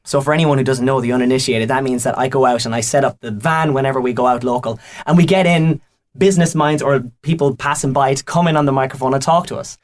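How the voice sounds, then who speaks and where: Fast-talking young Irish man. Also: mid-range voice, steady tone. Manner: chatty storyteller, fast and eager. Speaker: radio presenter. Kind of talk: casual podcast chat. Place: radio studio.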